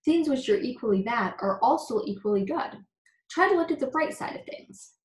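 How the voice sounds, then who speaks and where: A woman's voice: fairly high pitch, lively intonation, normal speed, pitched above the performer's own voice, lightly acted. A woman voicing a pompous humbug bug. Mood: eager. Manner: flowery and agreeable. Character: pompous wordy male humbug insect. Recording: echoey room.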